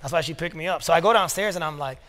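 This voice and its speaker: Pastor, thirties, male, high voice, chatty anecdotal sermon style, church hall reverb. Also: rapid-fire, fairly bright tone. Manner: storytelling with casual asides and quoted dialogue. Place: church sanctuary.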